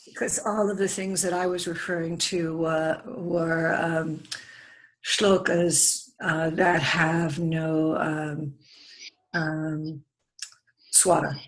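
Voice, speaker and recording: A student hesitantly working through a question about poetic meter, with many pauses and fillers. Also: mid-range voice, flat delivery, a bit bright, poor audio. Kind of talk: asking questions in class.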